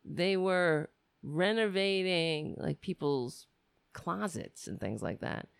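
A woman's voice: on the low side, expressive, slow pace, creaky, smooth, no echo, clean studio sound. A woman delivering a sardonic, rambling comic monologue from the United States. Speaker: comedian. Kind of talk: stand-up style comic monologue.

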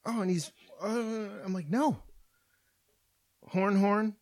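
A young man with a high voice, speaking at a moderate pace, hosts a podcast. He delivers a profane, animated storytelling rant about everyday annoyances in a casual way.

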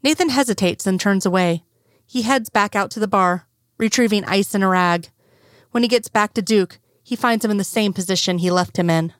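Woman calmly narrating a story. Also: mid-range voice, normal speed, dry recording, studio quality. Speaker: audiobook narrator. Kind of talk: fan fiction story reading.

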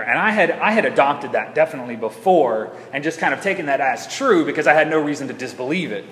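A man's voice: a little high, a bit bright, a little hiss or hum. A man preaching a sermon in a church, talking conversationally with frequent restarts. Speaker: pastor. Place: church sanctuary. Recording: echoey church hall.

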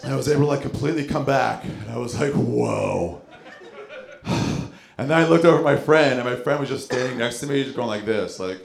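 Creaky and quick-paced, this medium-pitched male comic animatedly narrates a story onstage, performing each character's voice. The club sounds echoey, with the crowd laughing along.

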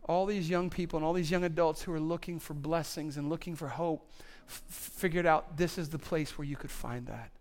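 A man's voice: a little high, steady tone, moderate pace, hardly any pauses. Impassioned male pastor preaching. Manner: impassioned preaching, repetitive builds that rise to near-shouting. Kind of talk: sermon. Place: church auditorium on stage.

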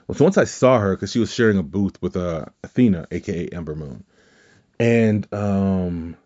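A man's voice: deep voice, expressive, moderate pace, a little mellow. A man co-hosting a podcast, telling a rambling anecdote in a casual chat, often correcting himself and swearing offhand. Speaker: podcast co-host. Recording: dull lo-fi audio.

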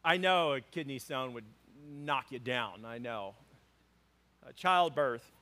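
A male pastor preaching a sermon to a congregation, telling funny personal stories in an animated way. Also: medium pitch, slow pace. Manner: animated storytelling with humor. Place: church before a congregation.

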